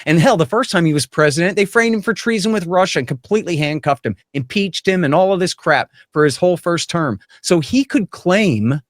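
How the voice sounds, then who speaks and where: A man with a fairly high voice gives blunt, emphatic political commentary as an interview guest. He sounds opinionated and forceful. The recording is dry and close. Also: expressive, fairly quick, hardly any pauses, no echo.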